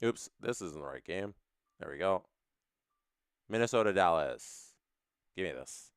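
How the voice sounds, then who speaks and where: A man's voice: deep voice, animated, a little slow, clean tone, no echo, clean studio sound. A man hosting a live stream, reading viewer chats and ranting opinionatedly, often repeating his phrases.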